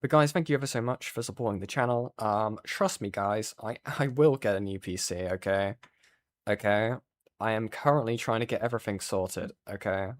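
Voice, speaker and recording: A man's voice: fairly low pitch, moderate pace, no echo. A man hosting a livestream, commenting casually with swearing and exasperated asides. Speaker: streamer host.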